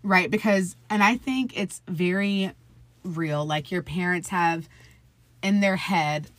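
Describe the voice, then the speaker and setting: Interview guest: woman, 20s, lowish voice, chatty storyteller who acts out quotes, dry recording. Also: slow, a bit bright, dry recording. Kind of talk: casual conversational storytelling.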